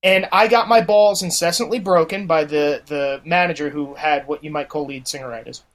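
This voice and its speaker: A man's voice: fairly high pitch, fairly quick. A man telling stories as a podcast guest, swearing freely and mimicking the people in his anecdotes. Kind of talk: casual storytelling chat.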